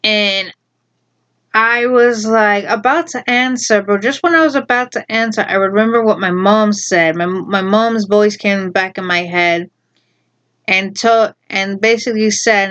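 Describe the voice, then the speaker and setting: A woman telling a story from her school days in a casual, rambling way, repeating herself and adding animated asides. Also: mid-range voice, a little slow. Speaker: storyteller vlogger.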